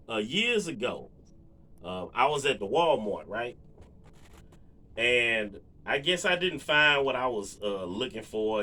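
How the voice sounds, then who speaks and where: Man, casual storyteller; bright, lively delivery full of fillers. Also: on the low side. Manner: relaxed, rambling, lots of fillers and asides to viewers. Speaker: vlogger.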